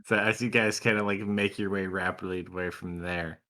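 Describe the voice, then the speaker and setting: A man narrates as game master of a tabletop game, relaxed and full of "like" and "um". His voice sits low but has a bright, pushing edge to it. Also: a little fast. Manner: loose, filler-heavy narration.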